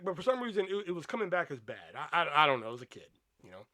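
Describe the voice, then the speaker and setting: Young male podcast host, casual storyteller, profane and rambling, forceful bright tone. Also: on the high side, sing-song, very fast, no room sound, studio quality. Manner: profane, rambling, lots of fillers.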